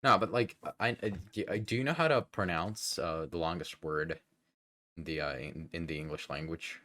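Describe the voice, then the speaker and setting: A man's voice: low voice, moderate pace, bright, forceful tone. A man hosting a casual livestream interview, laid-back and swearing freely as he stumbles over his words. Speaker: streamer host interviewing a guest.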